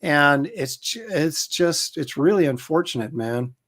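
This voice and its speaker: A middle-aged man in casual livestream chat, relaxed and talkative, co-hosting a show and reading viewer comments aloud. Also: a little high, a little slow. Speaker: comic artist and show co-host.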